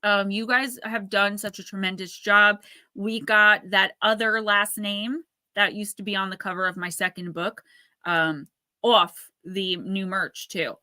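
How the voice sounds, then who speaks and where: A woman's voice: mid-range voice, fairly even intonation, unhurried, sharp tone, no room sound. A woman in her thirties hosting a casual livestream, rambling and chatty as she reads out viewer comments. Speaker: livestream host.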